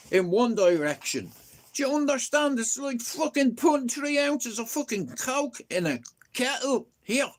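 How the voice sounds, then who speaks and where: A man with an Irish accent telling a rambling story on a livestream, animated, swearing often and acting out what others said. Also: high voice. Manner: animated, swearing, quoting others in his own voice. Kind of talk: casual storytelling.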